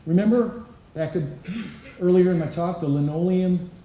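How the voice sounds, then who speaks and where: A man with a fairly high but mellow voice speaks to a live audience in a large conference hall. He asks the crowd questions and acts out little quotes as he talks. The sound is roomy and distant, as if the mic sits well away from him. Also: moderate pace. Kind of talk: inspirational talk to a live audience. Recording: echoey hall, voice picked up from a distance.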